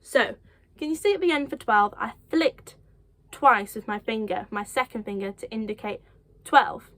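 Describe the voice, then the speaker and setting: Casting: young woman from the UK, kids' sign language teacher, unhurried and encouraging, slightly high voice, dry close sound. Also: animated, no echo. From United Kingdom. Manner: encouraging, self-deprecating, gentle laughs. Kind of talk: children's lesson, slow counting.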